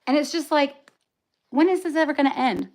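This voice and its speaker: Angry woman giving raw testimony, high voice. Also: brisk, rough recording. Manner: angry, raw, cursing, speaks in bursts. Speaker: livestream host. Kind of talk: emotional personal testimony.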